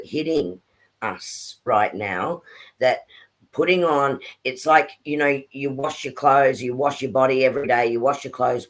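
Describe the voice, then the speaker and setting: An earnest woman talks through a live spiritual stream in an easy, casual way. She encourages her listeners and answers viewer comments as they come in. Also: a bass voice.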